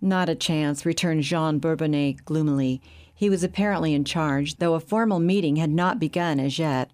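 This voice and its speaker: Low-voiced woman narrating an audiobook. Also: moderate pace, a little mellow. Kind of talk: scripted narration.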